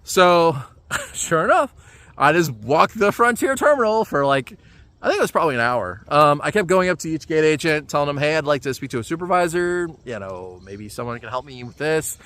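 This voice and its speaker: Lively, bright-voiced man telling a travel story. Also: a little high, a little fast. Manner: animated, exasperated retelling with fillers. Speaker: travel vlogger. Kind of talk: casual storytelling vlog.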